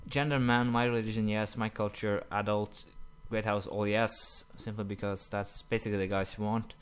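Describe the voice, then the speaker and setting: A young man commenting casually while playing a strategy game, rambling with many fillers and quick apologetic asides. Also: lowish voice, flat delivery, smooth. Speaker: gaming commentator. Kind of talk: casual let's-play commentary.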